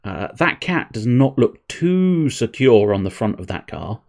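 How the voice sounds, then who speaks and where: A man's voice: mid-range voice, big pitch swings, a little slow, a little mellow. A man in his thirties chatting casually with viewers while streaming a game, rambling and joking with plenty of swearing. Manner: rambling, jokey, sweary, talking to chat. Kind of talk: casual live-stream chat while gaming.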